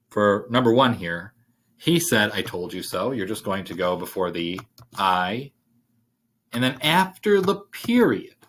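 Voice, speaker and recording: A male writing instructor talks through a worksheet in a relaxed, thinking-aloud way, with plenty of fillers along the way. His voice sits on the low side. Keyboard typing can be heard behind him. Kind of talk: screen-share worksheet walkthrough.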